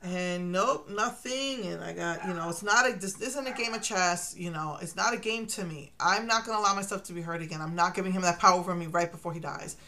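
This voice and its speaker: Middle-aged woman from Puerto Rico, bright voice, emotional confessional vlog, rambling with restarts. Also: fairly low pitch, a little fast, few pauses, slight background noise. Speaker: vlogger. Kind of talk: personal confessional monologue.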